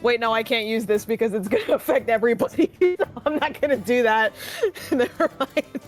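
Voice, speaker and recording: A woman's voice: a little high, normal speed, faint music behind. Giggly woman player at a game table. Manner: giggly, swears casually.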